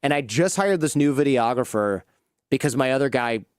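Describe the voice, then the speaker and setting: A man telling lively anecdotes in a casual interview, acting out the people in his stories. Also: mid-range voice, normal speed, clean tone, dry recording, clean studio sound. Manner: animated anecdotes, acts out quoted people. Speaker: podcast host as guest.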